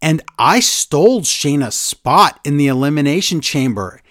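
A man recaps wrestling episodes in casual podcast chat, acting out the lines in put-on voices. His pitch sits a little high and swings widely. The sound is dry and close. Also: a little slow, no echo. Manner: animated, acts out quotes with voice changes.

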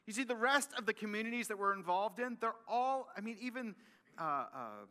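A male pastor preaching a sermon, animated and emphatic, often repeating and restarting his phrases. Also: high-pitched, a little fast, clear, resonant tone, long reverb tail.

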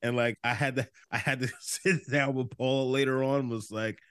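A man's voice: mid-range voice, normal speed, clean tone, dry recording. A man co-hosting a casual movie-review podcast, telling stories with energy, doing voices and swearing freely. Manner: animated storyteller, does voices, swears freely. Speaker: podcast co-host.

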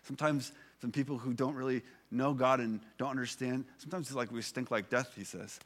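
A man in his thirties preaches to his congregation in a relaxed, chatty way. He stops and restarts his sentences often and drops in filler words as he goes. His voice sits at an ordinary middle pitch. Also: brisk. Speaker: pastor. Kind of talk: sermon.

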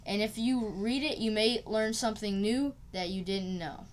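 A woman's voice: mid-range voice, normal speed. A woman hosts a light, scripted podcast with playful banter. She giggles between lines and races through the sponsor mentions. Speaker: podcast co-host.

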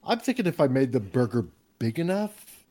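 A man co-hosting a casual podcast, hesitating and thinking out loud. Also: medium pitch, big pitch swings, moderate pace. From Chicago area. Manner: hesitant, ponders aloud. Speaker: podcast co-host.

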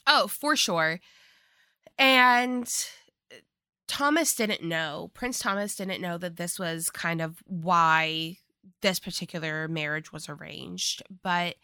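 A woman walks through a movie's story in casual podcast chat, steady and quick to agree. Her voice is bright. The recording is dry and close. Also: on the low side, clear, resonant tone, no echo. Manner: narrates plot steadily, agreeing often. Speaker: podcast co-host.

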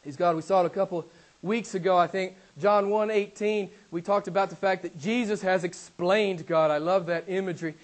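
A middle-aged man preaching a sermon, swinging between loud emphatic declarations and hushed, quiet asides. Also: high voice, steady tone, moderate pace. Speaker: pastor.

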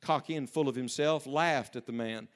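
Preaching to young people, a male pastor tells stories at a normal speed in a mid-range voice. He swings between hushed passages and loud, urgent emphasis.

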